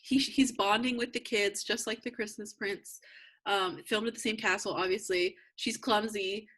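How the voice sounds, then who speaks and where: A woman's voice: mid-range voice, fairly even intonation, moderate pace, a bit bright. A young woman co-hosting a podcast, chatting casually about a movie with sarcastic, jokey asides. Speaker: podcast co-host. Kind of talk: casual chat recapping a movie.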